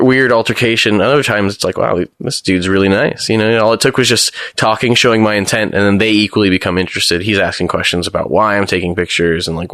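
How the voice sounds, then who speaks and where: A man's voice: low voice, no room sound. A young American man, a photographer, telling stories in a casual interview and acting out the exchanges he quotes. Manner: fast, animated storytelling, acts out quoted exchanges.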